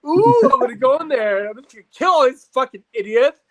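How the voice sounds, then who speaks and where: A man imitating his furious, foul-mouthed younger cousin, screaming insults and threats in a high, shrill voice. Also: very animated, a little fast, dry recording.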